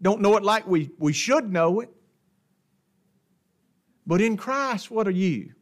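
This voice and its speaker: A man's voice: high voice, animated, takes it slowly. A man teaching an adult Bible class in a folksy way, often asking the class questions. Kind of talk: Bible lesson. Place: church classroom.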